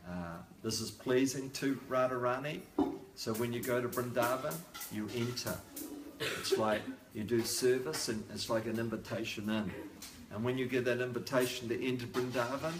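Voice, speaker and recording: A man's voice: medium pitch, noisy background. Older man preaching in an echoey room. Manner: repetitive and emphatic, with joking asides. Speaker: lecturer. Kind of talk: devotional sermon at a home program. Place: home.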